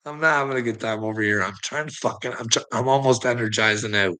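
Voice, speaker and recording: A man's voice: mid-range voice, quick pace, bright, forceful tone, low-quality recording. A man delivering a profane, rambling rant, swearing constantly and breaking into laughter between phrases. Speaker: online commentator.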